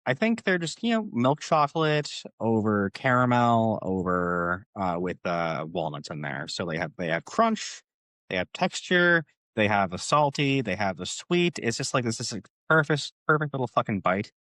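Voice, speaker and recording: Brief: deep-voiced Cape Breton guy, coach co-host, foul-mouthed and animated, dry close mic. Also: normal speed, no room sound. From Canada, Cape Breton. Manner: swears constantly, animated storytelling. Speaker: fitness coach, podcast co-host. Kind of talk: casual podcast chat.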